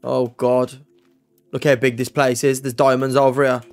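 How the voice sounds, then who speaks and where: A man's voice: medium pitch, little pitch movement, moderate pace. A young man giving live gameplay commentary, swearing, yelping and screaming in panic, and talking to his chat. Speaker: gaming YouTuber.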